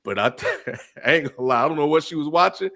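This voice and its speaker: A man co-hosting a podcast, talking bluntly and cussing freely. His pitch swings widely as he gets worked up. It is a casual recap chat, with frequent laughter. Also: a little fast, gravelly. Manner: profane, blunt, animated, laughs often. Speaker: podcast co-host.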